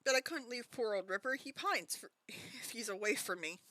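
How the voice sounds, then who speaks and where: A woman voicing a blustering, bullying middle-aged aunt in a put-on British accent, booming and barking her lines. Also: expressive, moderate pace, a crowd in the background, natural voice, poor audio.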